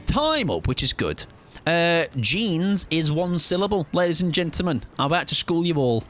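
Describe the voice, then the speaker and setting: A man's voice: on the high side, very animated, normal speed, fairly bright tone, slight background noise. A man in his late twenties, streaming a game live and chatting with his viewers in a playful, argumentative way, repeating words to test them out. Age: late 20s. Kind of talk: casual live-stream chat.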